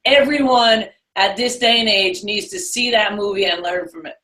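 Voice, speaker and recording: A woman's voice: medium pitch, moderate pace, sharp tone. A woman with a New York accent, talking as co-host in a casual chat, emphatic and enthusiastic.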